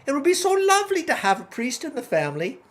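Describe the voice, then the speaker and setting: A woman's voice: high-pitched, huge pitch swings, quick pace. A woman voicing a doting old mother.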